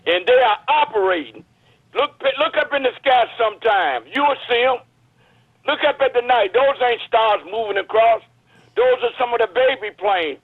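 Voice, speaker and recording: A man calls in to the show over a thin, tinny phone line. His voice sits high, and he preaches his views in an urgent, emphatic way. The sound is dry and close. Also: expressive, moderate pace, dry recording. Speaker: caller. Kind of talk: impassioned call-in commentary.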